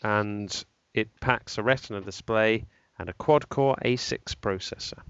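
A man hosting a casual tech podcast, rambling and halting through speculation with lots of fillers. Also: fairly low pitch, a bit bright, smooth, no echo, highs cut off. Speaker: podcast host.

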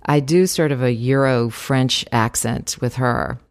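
A woman's voice: very deep voice, a little slow, no echo. A woman voice actress chatting in an interview, talkative and laughing often, with many fillers. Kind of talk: casual interview chat.

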